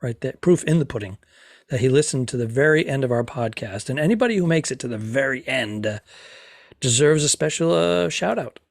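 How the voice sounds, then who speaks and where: A man's voice: mid-range voice, expressive, vocal fry, no room sound, studio quality. A man co-hosting a comedy podcast, chatting casually with a wry, joking manner. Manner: wry, quick to joke and riff. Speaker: podcast co-host.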